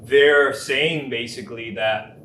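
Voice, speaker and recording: Male coach on a podcast, measured and reflective, roomy sound, faint hiss. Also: mid-range voice, steady tone, sharp tone. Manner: measured, reflective, often checks in with "right?". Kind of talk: casual podcast conversation.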